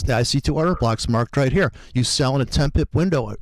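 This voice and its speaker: A man's voice: mid-range voice, lively intonation, fast talker, hardly any pauses, no room sound. A man talking about trading in a heated, profane rant that mocks other traders. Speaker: trader co-host. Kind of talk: animated trading talk.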